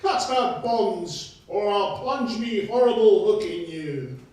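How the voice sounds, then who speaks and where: Man as a bossy pirate captain, high, drawn-out bluster, caught from far back in an echoey hall. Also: expressive, darkish tone. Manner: booming, theatrical pirate bluster. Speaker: amateur stage actor. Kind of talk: pantomime stage acting. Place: community stage hall.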